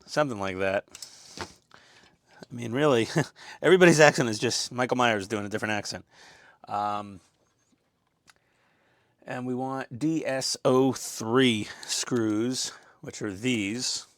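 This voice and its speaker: A man's voice: medium pitch, slow pace, long pauses, no room sound, clean studio sound. A man giving casual, rambling commentary as he builds a scale model, chatty and self-deprecating.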